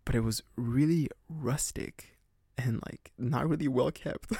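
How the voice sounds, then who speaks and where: Rambling young man with a gravelly voice. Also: mid-range voice, unhurried, warm tone, no echo, clean studio sound. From Canada. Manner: rambling, heavy on "like" fillers, laughs often. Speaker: podcast host. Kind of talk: casual storytelling podcast.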